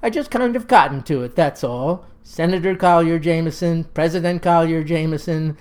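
A woman's voice: low-pitched, moderate pace, darkish tone, natural voice. A woman doing Gully, stubborn young farmer. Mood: insistent. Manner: folksy, old-fashioned country phrasing. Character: earnest young male Southern farmer, stubborn.

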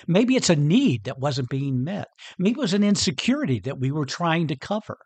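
A husky-voiced man talks through a motivational podcast episode in an earnest, conversational way and chuckles often. His pitch moves a lot from one phrase to the next. The sound is dry and close, with no room around it. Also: no echo. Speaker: podcast host. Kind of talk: motivational solo podcast talk.

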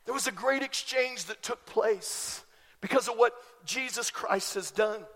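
A pastor delivers an animated sermon in a notably high voice. He drives his points home with emphatic, rising bursts. The recording carries the long reverb of a large church sanctuary. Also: slow pace.

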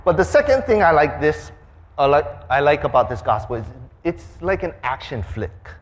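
Pastor guy telling a story, lively up and down voice, does the sound effects himself. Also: on the high side, moderate pace. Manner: animated, acts out sounds and voices. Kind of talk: storytelling sermon.

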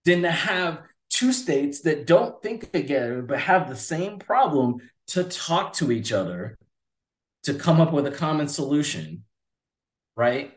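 Animated man in his forties, roomy sound. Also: fairly high pitch, a little slow. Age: 40s. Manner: animated, rambling, acts out voices. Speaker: podcast co-host. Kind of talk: casual political chat. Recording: roomy echo.

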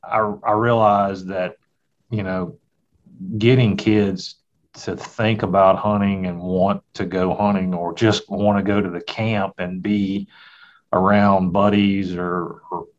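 A man's voice: sits low, flat delivery, slow pace. A middle-aged man, a hunter and father, telling a folksy, reflective story in a casual conversation. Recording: dull, lo-fi sound.

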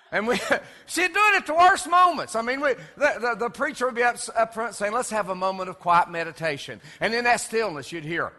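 Male preacher, high and bright, folksy storyteller who acts out baby cries, church echo. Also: lively intonation, brisk. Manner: folksy storytelling, imitating crying babies and pulling in the congregation. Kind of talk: sermon. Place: church sanctuary.

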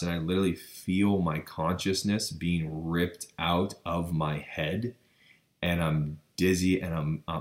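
A man with a low, deep voice tells a personal story in an earnest, breathless way. He stumbles and restarts often and keeps saying literally as he goes. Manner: earnest, breathless retelling with many restarts and stammers. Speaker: vlogger.

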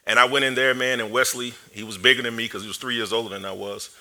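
A man's voice: medium pitch, quick pace, heavy background noise. A man preaching a sermon through a personal story, joking and self-deprecating, laughing often and acting the story out with energy. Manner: animated storyteller.

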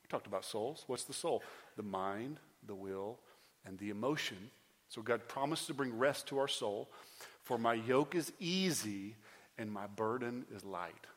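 A man in his thirties delivers an earnest sermon from the pulpit, repeating and restarting phrases as he builds to loud, emphatic pleas. His voice sits at a middle pitch and carries a long reverb from a large hall. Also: expressive, measured pace. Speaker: pastor.

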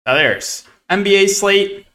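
A man hosting a fantasy sports podcast in casual solo commentary. He is sarcastic and exasperated, keeps repeating "right?", and swings between low mutters and loud outbursts. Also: unhurried. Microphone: camera facing speaker.

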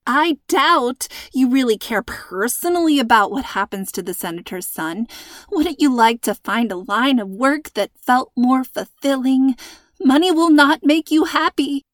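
A woman voicing a frightened teenage girl who babbles nervously, her voice breathy and squeaky. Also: expressive, unhurried, a bit bright, no room sound, studio quality. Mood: nervous babbling. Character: panicky teenage girl talking too fast.

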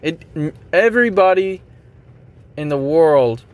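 A man's voice: fairly high pitch, lively intonation, measured pace. A man hosting a podcast, talking casually and motivationally, rambling a bit and poking fun at himself while repeating his catchphrases. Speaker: podcast host.

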